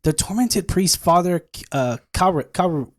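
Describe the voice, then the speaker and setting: Male podcast guest, animated, fumbles script reads and swears at himself. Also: high-pitched, takes it slowly. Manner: stumbles on names, swears and laughs at own mistakes. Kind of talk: podcast blooper reel, reading script.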